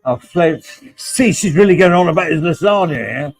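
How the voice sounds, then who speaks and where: A man's voice: fairly high pitch, lively intonation, normal speed, no echo, soft background music, rough recording. A middle-aged man hosting a casual livestream, reading out chat and joking with viewers by name. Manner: chatty, jokey, addresses viewers by name.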